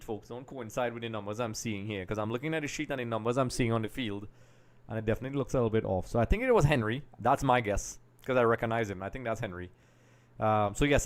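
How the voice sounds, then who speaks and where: Excitable man streaming a match. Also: medium pitch. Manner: chatty, keeps addressing viewers as folks, gets excited at chances. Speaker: live stream host. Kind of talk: live football watch-along reaction.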